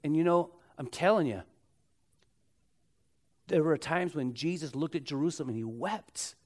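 Delivering a sermon, this pastor speaks in a slightly high voice. His style is emphatic, with repeated key phrases, drawn-out words at a slower pace, and call-and-response that pulls in the congregation.

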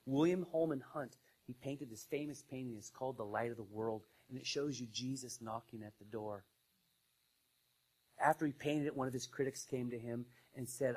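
Pastor preaching with big dynamic swings. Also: male voice, medium pitch, normal speed, rough recording. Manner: conversational preaching, swings from loud emphasis to hushed asides. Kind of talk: sermon.

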